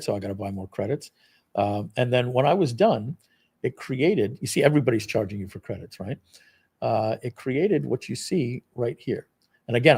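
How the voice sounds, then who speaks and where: A man hosting a live product launch stream, walking viewers through a software demo in a casual, rambling, self-deprecating way with lots of fillers. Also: mid-range voice, breathy edge.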